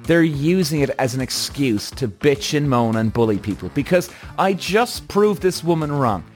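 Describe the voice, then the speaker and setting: A man's voice: a little high, lively intonation, normal speed, faint music behind. A man hosting his own podcast, ranting bluntly and heatedly, swearing often and correcting himself as he goes. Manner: restless, self-correcting. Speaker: podcast host. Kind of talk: solo podcast rant.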